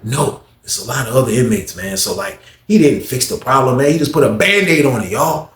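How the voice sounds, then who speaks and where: A man's voice: lowish voice, roomy sound. A man casually telling a story in a loose, slangy way, circling back and repeating himself. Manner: slangy, repetitive, acts out others' lines in a raised voice.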